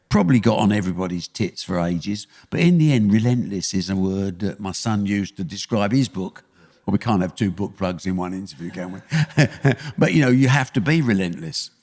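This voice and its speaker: An older man with an East London accent tells punchy, blunt stories. His low voice rises and falls a lot. The room has a long, ringing reverb. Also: darkish tone. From England. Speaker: guest, sports promoter. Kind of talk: podcast interview.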